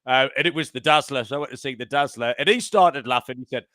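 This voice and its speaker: A man's voice: mid-range voice, fast, few pauses, bright, forceful tone, no echo, studio quality. A man hosting a podcast, chatting casually and amusing himself with his own banter. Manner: chatty, self-amused banter. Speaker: podcast host.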